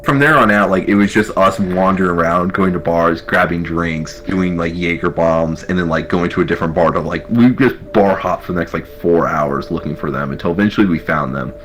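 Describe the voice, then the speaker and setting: An army veteran recounting a wild night in a rambling, profane, casual way. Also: male voice, low voice, fairly quick, hardly any pauses, a bit bright, a little hiss or hum, poor audio. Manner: rambling, profane, full of fillers. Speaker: army veteran telling his story. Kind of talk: casual storytelling.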